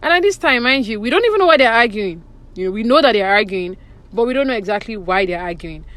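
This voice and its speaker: A woman's voice: medium pitch, expressive, fast talker, fairly bright tone. A woman giving a chatty, opinionated recap of reality TV, full of "you know" and "like". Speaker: reality TV commentary vlogger. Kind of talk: casual recap commentary.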